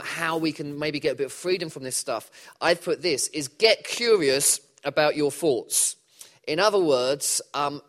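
Animated man preaching. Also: on the high side. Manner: animated, conversational preaching with audience questions. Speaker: pastor. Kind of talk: sermon.

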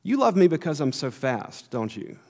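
A man's voice: on the high side, big pitch swings, normal speed, a little mellow. A man voicing a small boastful boy squirrel in a children's story, eagerly listing his merits, with long hall reverb.

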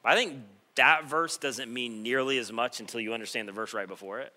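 A male pastor preaching a sermon, moving between quiet reflective passages and loud, impassioned stretches. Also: mid-range voice, fairly quick.

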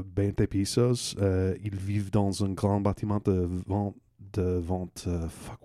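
A man co-hosting a podcast, telling jokes in a rambling, halting way with lots of fillers and restarts and casual swearing. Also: low voice, dark tone, no echo, studio quality. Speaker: podcast co-host.

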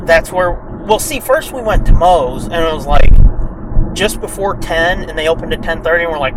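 A man's voice: a little high, brisk. A man co-hosting a podcast, chatting casually and swearing a lot as he tells stories from a moving car. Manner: animated storyteller, swears a lot, acts out quoted voices. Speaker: podcast co-host. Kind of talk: casual chat streamed live from a car. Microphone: phone held in hand. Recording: phone in a car, road noise.

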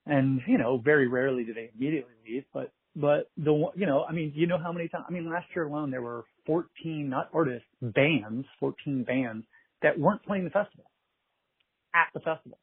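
Husky gravelly man telling stories. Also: a little high, a little fast, no room sound. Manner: animated anecdotes, quotes others, laughs often. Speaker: festival producer. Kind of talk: casual interview storytelling. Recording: tinny phone-like line.

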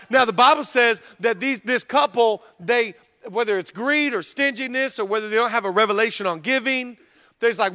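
A man in his thirties preaching a sermon, chatting with the crowd and building to loud preaching in a church. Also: very high voice, brisk. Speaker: pastor. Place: large church hall. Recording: long hall reverb.

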